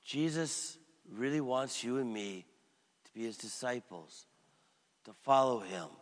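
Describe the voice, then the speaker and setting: A middle-aged male pastor preaching a sermon and telling a story, swinging from loud emphatic passages to quiet low ones. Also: animated, measured pace, long reverb tail.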